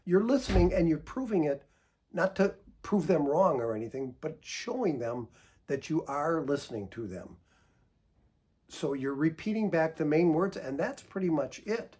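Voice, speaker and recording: A man counselor calmly giving advice, patient and gentle, explaining through examples. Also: on the high side, husky. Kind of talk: calm instructional talk.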